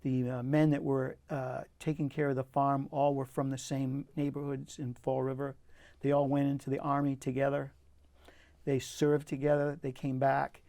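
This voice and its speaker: A man's voice: medium pitch, completely flat delivery, moderate pace, creaky, warm tone, dry recording. An older man, a poet, telling personal stories in an earnest, reflective way with frequent restarts, interviewed in a community TV studio. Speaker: poet guest.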